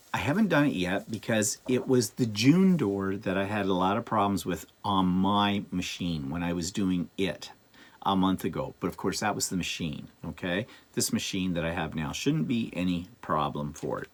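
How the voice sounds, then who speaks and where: A man chatting casually to camera about his quilting projects, rambling with asides and fillers. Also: deep voice. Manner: rambling, lively, with many ums and asides. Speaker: quilting vlogger.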